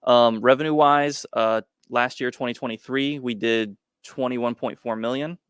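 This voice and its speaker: A man's voice: medium pitch, steady tone, moderate pace, a bit bright, clean tone, no room sound, clean studio sound. Matter-of-fact male business guest. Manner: plain and matter-of-fact, with frequent "um" and "uh". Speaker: guest entrepreneur. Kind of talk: interview answers.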